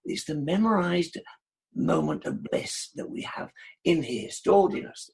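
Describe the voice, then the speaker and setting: Raspy British man, animated. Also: fairly high pitch, unhurried. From United Kingdom. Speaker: guest. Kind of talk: casual interview.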